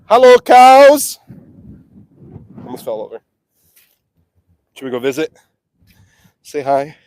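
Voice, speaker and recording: His voice is mid-range, a little slow and mellow, with no echo in the sound. Out on a farm field with a handheld mic, this livestreaming man feeds his cattle, talking casually and playfully and calling to them in a sing-song tone.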